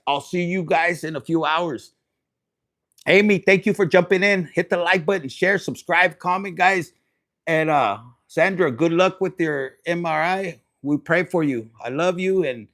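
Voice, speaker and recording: A man's voice: a little high, unhurried, fairly bright tone. A man hosting a tarot livestream, chatting casually to viewers in a crude, playful, laughing way and mixing in Spanish words.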